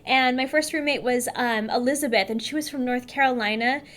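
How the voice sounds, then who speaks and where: A woman's voice: high voice, brisk, a bit bright. A woman from California chatting to camera in a casual, upbeat vlog, talking straight to her viewers. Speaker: beauty vlogger.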